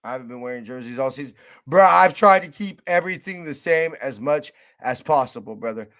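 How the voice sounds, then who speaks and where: A man's voice: medium pitch, lively intonation, fairly quick, a bit bright. A young man hosting a fan radio show, talking in a profane, emotional, hyped-up way. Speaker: podcast host. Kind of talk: casual fan radio monologue.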